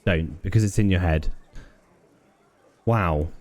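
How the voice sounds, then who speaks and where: Deep-voiced man reading a game, wry. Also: slow pace, a little mellow, no room sound. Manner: wry, jokey, reads all the game text aloud. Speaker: game streamer. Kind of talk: let's play commentary and reading.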